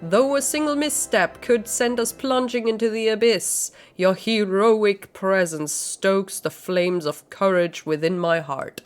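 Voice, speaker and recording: A woman's voice: medium pitch, measured pace, hardly any pauses, soft background music, lightly acted. A woman reading as a flowery, courtly knight. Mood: earnest, formal. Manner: grandiose, formal read-aloud.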